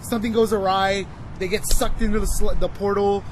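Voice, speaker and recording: A man in his twenties with a fairly high voice talks loosely and profanely, looping through fillers as he recommends a show. Wind noise and clipping cut into the recording, made outdoors near traffic. It has the feel of a casual podcast chat. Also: level tone, a little fast. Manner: rambling, profane, lots of "you know" fillers. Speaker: podcast co-host.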